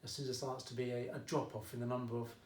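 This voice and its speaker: A man's voice: medium pitch, little pitch movement, quick pace, distant mic, a little hiss or hum. A man with an Essex accent teaching maths in a casual, jokey video lesson, often checking in with "okay?". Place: at home during lockdown. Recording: echoey room, mic set back.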